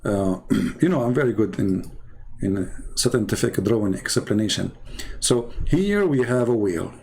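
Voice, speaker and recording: Gravelly, husky man mocking while drawing. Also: lowish voice, expressive, darkish tone. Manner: sarcastic, halting, many fillers and restarts. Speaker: commentator.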